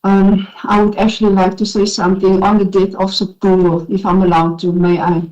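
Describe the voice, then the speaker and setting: A South African woman testifying as a witness at a formal inquiry, emotional and shaky, speaking earnestly with halting restarts. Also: medium pitch, little pitch movement, darkish tone. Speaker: witness, former police investigator. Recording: dull lo-fi hearing recording.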